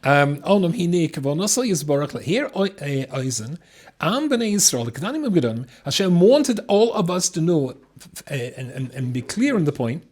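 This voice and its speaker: Rabbi teaching a class, slightly husky, voice jumps all over, kind of high. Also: male voice, normal speed. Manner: lively, reads Hebrew text then explains it. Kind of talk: animated Torah class. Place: room with a live audience.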